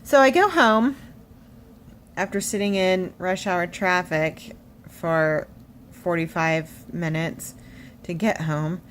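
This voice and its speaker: A woman telling a story in a casual vlog, animated and a little shaky, acting out what people said. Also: lowish voice, takes it slowly, long pauses, slight background noise. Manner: animated storytelling, acts out quotes. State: shaky, emotional. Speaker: vlogger. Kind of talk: casual chatty vlog update.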